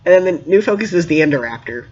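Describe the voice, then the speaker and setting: A man giving a casual spoken movie review, animated and emphatic, with many fillers. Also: on the high side, quick pace, highs cut off.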